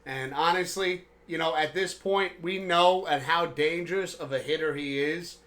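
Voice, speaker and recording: A man co-hosting a live sports stream in casual chat, excitable, with loud outbursts, reading viewer messages aloud. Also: fairly high pitch, moderate pace.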